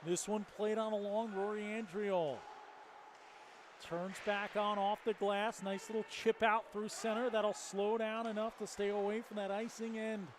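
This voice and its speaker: A man's voice: high-pitched, level tone, a little slow, noisy background. A man calling a college hockey game play by play, joking with his partner between calls. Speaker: play-by-play commentator.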